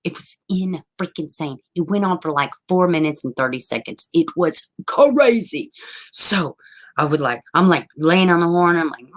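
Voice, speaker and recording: A woman with a low, deep voice, chatting on her own livestream. She tells a wild story with lots of swearing and laughter, and reads out viewer comments along the way. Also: moderate pace, poor audio. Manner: animated, profane, laughing often. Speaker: livestream host. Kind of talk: casual storytelling and chat.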